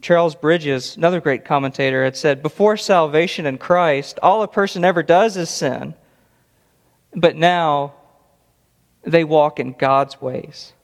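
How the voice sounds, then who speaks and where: A man's voice: a little high, a little slow. A man preaching an expository sermon, earnest and emphatic, often repeating words for stress. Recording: long reverb of a large hall.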